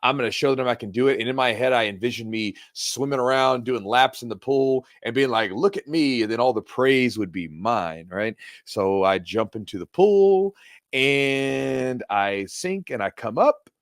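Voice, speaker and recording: Animated male podcaster, dry close sound. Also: mid-range voice, moderate pace, no room sound. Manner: animated storyteller, acts out voices in the story. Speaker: podcast co-host. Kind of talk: casual chat.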